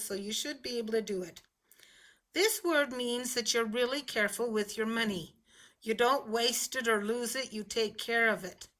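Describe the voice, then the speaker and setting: A woman teaching a children's phonics lesson, explaining words slowly and patiently with clear enunciation. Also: a little high, a bit bright.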